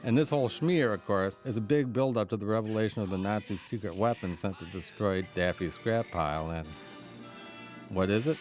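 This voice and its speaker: Deep-voiced male commentator, enthusiastic and anecdotal, laughing between remarks. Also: brisk, over music. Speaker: film commentator. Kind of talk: audio commentary on a cartoon.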